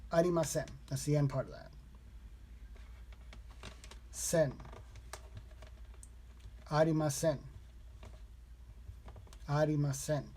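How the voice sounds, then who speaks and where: A man vlogging his language study, slowly repeating practice phrases aloud in a casual way. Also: a little high, warm tone. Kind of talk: casual self-taught lesson vlog.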